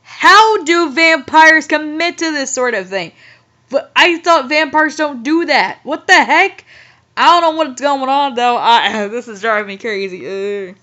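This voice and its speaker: A young woman reads a story aloud and keeps stopping to react in disbelief, her fairly high voice breaking into giggles. Her delivery is casual and exasperated. The audio is muffled and lo-fi. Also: expressive, measured pace, pushed and bright. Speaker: host, fanfiction reader. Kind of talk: comedic reading with commentary.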